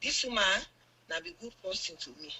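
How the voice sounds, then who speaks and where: A woman's voice: mid-range voice, expressive, a little fast, pushed and bright, husky, poor audio. Older Sierra Leonean woman, earnest account. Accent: Sierra Leonean Krio. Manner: long narration with many quoted exchanges, earnest. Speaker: guest, mother telling her account. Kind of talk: radio interview testimony.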